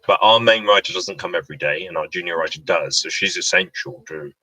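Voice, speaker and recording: A British man with a low, bright voice chats casually on a livestream, reading out viewer questions and answering them with a joking manner. The sound is dry, with him sitting a little back from the microphone. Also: brisk, no room sound, distant mic, low-quality recording. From Britain. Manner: chatty, joking, reads out comments.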